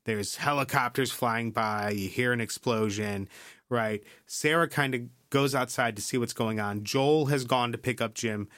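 A man's voice: mid-range voice, moderate pace, a bit bright, no echo. A man with a mid-range voice talks loosely through a recap as a podcast host, dropping curses and checking in with "right?". The sound is dry and close, with no room around it. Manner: loose storytelling with tag questions and cursing; skips ahead with "yada, yada". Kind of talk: casual chat, episode recap.

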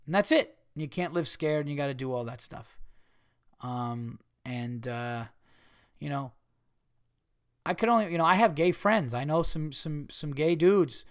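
A middle-aged male comedian hosting a podcast, delivering a profane ranting monologue that swings from yelling to calmer musing. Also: a little high, a little slow, clear, resonant tone.

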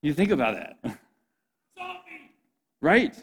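A man's voice: a little high, very animated, slow, vocal fry, slightly rough. A man giving an earnest, impassioned sermon as a youth pastor, often speaking to his listeners as "guys.".

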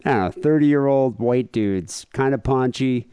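A man's voice: mid-range voice, unhurried, warm tone, smooth, no echo. A man co-hosting a podcast in casual comedic chat, rambling with lots of fillers and jokey asides. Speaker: podcast co-host.

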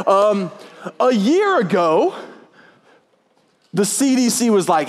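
A pastor preaching a sermon in a church, telling jokes and stories in a playful, animated way. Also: male voice, a little high, normal speed. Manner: joking, animated storytelling with put-on voices. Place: church auditorium. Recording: long hall reverb.

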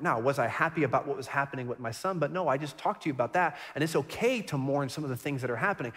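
A man's voice: on the high side, fairly bright tone, long reverb tail. A middle-aged man, a pastor, preaching a sermon and telling a personal story in an earnest, reflective way, often repeating and restarting his words. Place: church sanctuary.

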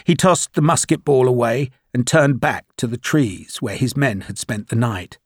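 Audiobook narrator, male, husky mid-pitched read, measured delivery, dry studio sound. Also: no room sound. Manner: measured, even storytelling.

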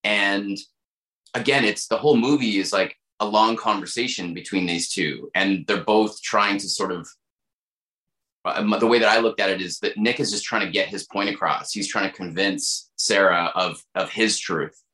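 A man's voice: fairly low pitch, moderate pace, reverberant, poor audio. A man, an actor, chatting in an interview and looking back on working on set. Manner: relaxed, reflective storytelling. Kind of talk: casual interview talk.

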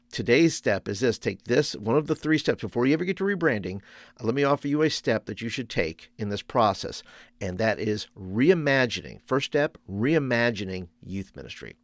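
A man's voice: mid-range voice, no room sound. A man hosting a youth ministry podcast, talking in a conversational way with frequent fillers and restarts. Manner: conversational, many fillers and restarts, laughs at own stories. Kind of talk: podcast monologue.

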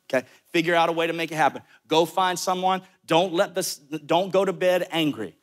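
Southern pastor preaching, direct and conversational. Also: male voice, fairly high pitch. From American South. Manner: conversational, direct, with quick asides. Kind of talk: sermon.

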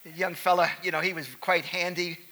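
Man, preacher, high voice, bright sharp tone, echoing church hall. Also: level tone, a little fast. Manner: rises to loud fervent preaching. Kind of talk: sermon with storytelling.

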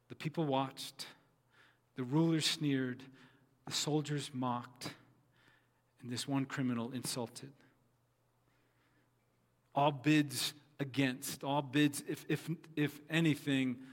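A man's voice: mid-range voice, steady tone, unhurried, pauses often, big-room sound. Guy preaching in a church, voice rings around the big room, repeats stuff for emphasis. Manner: voices quoted figures dramatically, repeats phrases. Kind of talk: sermon.

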